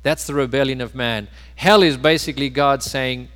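Man, pastor, sermon, mid-pitched voice, loud then hushed emphasis, long hall reverb. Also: moderate pace. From South Africa. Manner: preaching with sharp shifts between loud emphasis and quiet, low asides.

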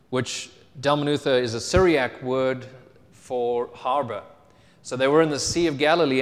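A man's voice: medium pitch, in a large hall. A man reading scripture and teaching a sermon in a conversational, storytelling way, with rhetorical questions. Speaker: preacher.

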